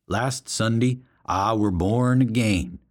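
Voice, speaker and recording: A man voicing a big, simple reformed drunk who reads his confession slowly and haltingly. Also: on the low side. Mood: earnest. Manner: slow, halting reading with slips.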